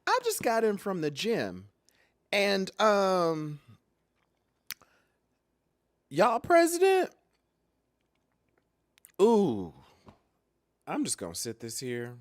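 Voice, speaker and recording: A woman's voice: on the low side, huge pitch swings, slow. A woman talking in an offhand, drawling way, muttering asides in a casual vlog.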